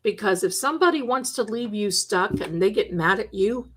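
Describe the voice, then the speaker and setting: A woman's voice: mid-range voice, animated, normal speed, a bit bright, slight background noise. A woman hosting a live psychic stream, chatting emphatically and telling stories to her viewers. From Italian heritage. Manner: chatty, emphatic, drifts into quoted voices. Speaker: psychic livestream host. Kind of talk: live chat storytelling.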